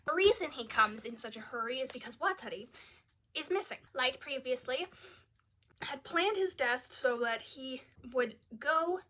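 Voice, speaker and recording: A young woman with a bright, somewhat high voice runs through a movie's plot in a casual, chatty review. She peppers her talk with "like" and sounds openly exasperated at what she describes. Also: lively intonation, measured pace. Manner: chatty, exasperated, uses "like" often. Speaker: video creator reviewing a film. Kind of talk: casual spoken film review.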